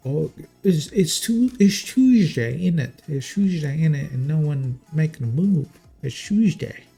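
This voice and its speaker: A man putting on a high, exaggerated fake British accent to voice a bored gamer in a game commentary. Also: animated, unhurried, vocal fry, dark tone, slightly rough, faint music behind, exaggerated voice. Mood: mock-bored. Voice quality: high put-on voice.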